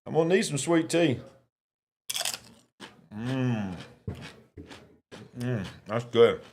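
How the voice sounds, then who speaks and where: A man's voice: medium pitch, lively intonation, extremely slow, noisy background. A man hosting a casual live election-night stream, chatting and eating while he reads viewer comments. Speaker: livestream host.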